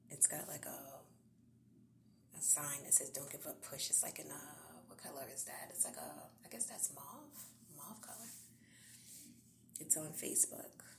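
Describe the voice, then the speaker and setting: Half-whispering woman with a gravelly voice. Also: deep voice. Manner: soft, half-whispered, earnest and exhorting. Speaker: podcast host. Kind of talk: encouraging devotional talk.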